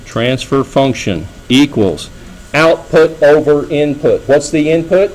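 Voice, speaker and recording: A man's voice: on the high side, animated, slow pace, a little mellow, low-quality recording. Man lecturing a classroom, chatty. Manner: conversational, asks students frequent checking questions. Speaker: engineering lecturer.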